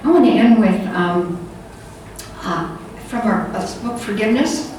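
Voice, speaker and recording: A woman's voice: mid-range voice, expressive, unhurried, darkish tone. An older woman giving a conference talk, telling stories in a loose, conversational way with many fillers. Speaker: conference speaker. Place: conference hall. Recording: echoey hall from far off with faint room noise.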